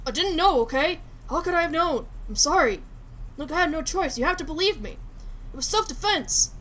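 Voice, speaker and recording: A woman's voice: lively intonation, quick pace, a little hiss or hum. A woman voicing a desperate man who frantically pleads for his family's lives. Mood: pleading. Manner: frantic, pleading, high and loud.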